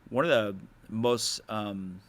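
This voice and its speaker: A man's voice: fairly low pitch, takes it slowly. A man co-hosting a faith-based podcast about fatherhood, reflective and telling stories from his youth ministry days in casual chat. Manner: reflective, tells stories, many likes and restarts.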